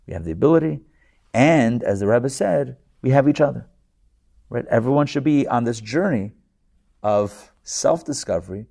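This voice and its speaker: Gravelly rabbi teaching a live class. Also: male voice, medium pitch. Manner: animated storytelling with restarts and jokes.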